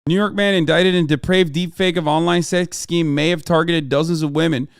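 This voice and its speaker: A man's voice: a little high, fairly even intonation, brisk, vocal fry, smooth, no echo, studio quality. A man streaming a reaction, arguing heatedly with chat in blunt, profane language. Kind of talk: live-stream reaction rant.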